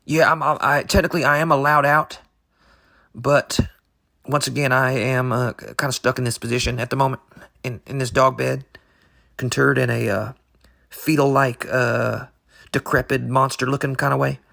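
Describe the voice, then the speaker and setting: A man co-hosting an improvised comedy podcast, rambling in halting, absurd deadpan. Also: mid-range voice, vocal fry. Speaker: podcast co-host.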